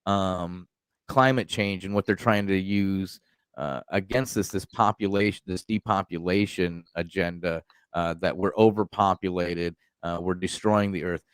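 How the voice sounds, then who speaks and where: Podcast host guy, low smooth voice, dry close sound, lots of ums. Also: steady tone, dry recording. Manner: agreeing, quick to chime in, hesitant fillers. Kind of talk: casual podcast chat.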